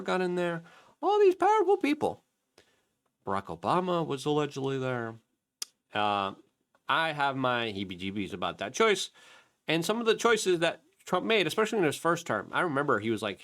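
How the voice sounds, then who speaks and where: A man hosting opinionated political commentary, emphatic and repeating points for stress. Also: fairly high pitch. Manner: emphatic, animated, repetitive for emphasis.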